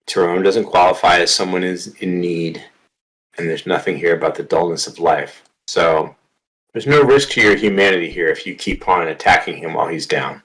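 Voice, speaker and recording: Deep-voiced game master narrating vividly. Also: male voice, moderate pace, a bit bright, rough recording. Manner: vivid, dramatic narration mixed with rules talk.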